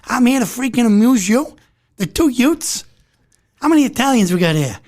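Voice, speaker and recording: A man doing an impression of a hot-tempered, needling mob tough guy, loud and menacing. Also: very high voice, very animated, moderate pace, pitched above the performer's own voice.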